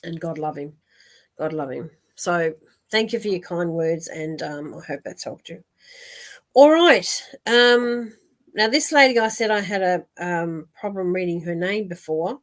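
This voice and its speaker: A woman's voice: fairly low pitch, measured pace. Chatty woman live-streaming. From Australia. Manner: chatty, warm-hearted, laughs often, many fillers and restarts. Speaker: psychic medium host of a live stream.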